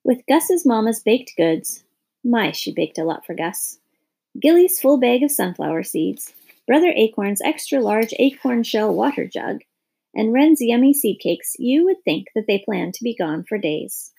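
A woman narrates a storybook with a slightly raised pitch and a gravelly texture. Her voice is husky and mellow, with a gentle, unhurried delivery. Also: very animated.

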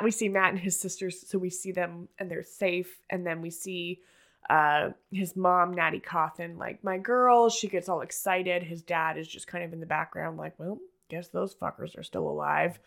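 A woman's voice: lowish voice, flat delivery, a little slow, fairly bright tone. Woman recapping a show casually. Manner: lots of "like" fillers, retells scenes with quoted lines.

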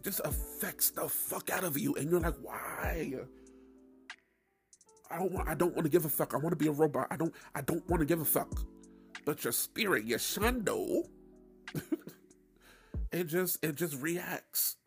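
A man hosting his own podcast, telling a story in a loose, profane, animated way with frequent laughs. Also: on the high side, normal speed, vocal fry, soft background music. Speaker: podcast host. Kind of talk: casual solo podcast monologue.

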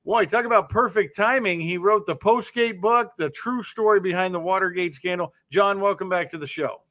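Blunt high-voiced male podcast host. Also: normal speed, fairly bright tone. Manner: blunt, heated. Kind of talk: political talk show.

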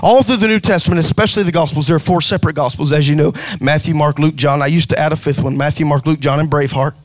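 A man preaches in a high, ringing voice. He builds emphasis through repetition and breaks into shouted, half-sung cadences. The sound is close and dry, with no room echo. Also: fairly even intonation, quick pace. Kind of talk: sermon.

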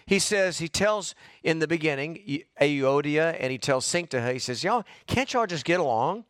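A man's voice: fairly high pitch, a bit bright, no echo, clean studio sound. A middle-aged man, preaching a fervent, fired-up sermon as pastor.

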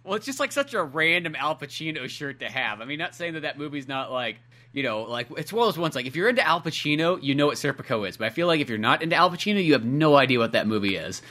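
A man's voice: on the high side, sing-song, fast talker, bright, forceful tone. A young man co-hosting a podcast, chatting casually with a loose, profane way of talking. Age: young adult. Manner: loose and profane, lots of fillers. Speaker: podcast co-host. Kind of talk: casual chat.

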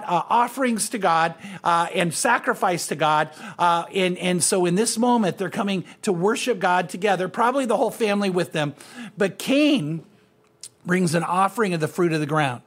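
High-voiced man teaching a Bible lesson. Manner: earnest, speaks directly to listeners. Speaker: pastor.

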